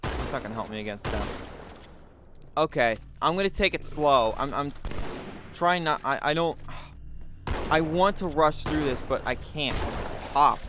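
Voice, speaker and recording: A young man with a slightly high voice giving gaming commentary, cursing and venting his frustration at the enemies. Faint gunfire from the game runs under his voice. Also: measured pace, pauses often, background noise. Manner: swears a lot, frustrated, shouts at enemies.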